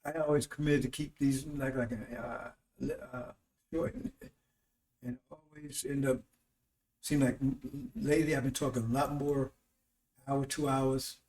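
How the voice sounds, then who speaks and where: A man's voice: mid-range voice, steady tone, measured pace, a little mellow. A man giving a rambling, informal sermon on a broadcast, often checking in with his listeners with "See?" and "Right?". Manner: rambling, with frequent "See?" and "Right?" tag questions. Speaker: preacher hosting a broadcast. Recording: roomy echo, distant from mic.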